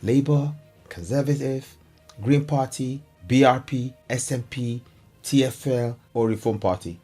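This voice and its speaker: A man hosts his own commentary vlog, talking in a mid-pitched voice. He is chatty and excitable, cracks jokes and talks straight to the viewers. Soft music plays faintly behind him. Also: measured pace. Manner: excitable, jokey, chatty, addresses viewers as guys. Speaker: commentary vlogger. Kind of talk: casual comedic commentary.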